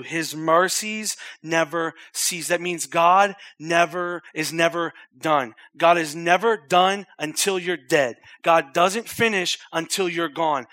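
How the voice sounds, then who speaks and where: A young man preaching a sermon as a pastor, repeating phrases urgently, then dropping to a hushed, intimate tone. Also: sits high, no echo, clean studio sound. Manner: swings from loud urgent repetition to hushed near-whispered intimacy.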